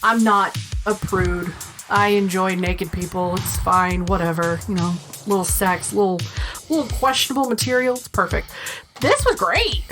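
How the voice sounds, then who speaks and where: Woman, casual podcast chat, lively retelling, swears a lot, faint music behind. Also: medium pitch, moderate pace. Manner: lively storyteller, swears freely, acts out quotes. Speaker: podcast co-host. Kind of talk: casual chat recapping a film.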